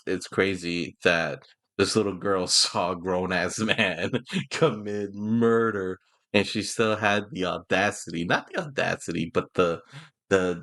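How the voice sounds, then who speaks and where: Deep-voiced man rambling through a review. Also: gravelly, fairly bright tone. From Houston, Texas. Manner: rambling, frequently laughing, emotional. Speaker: movie and TV reviewer. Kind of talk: casual spoken review.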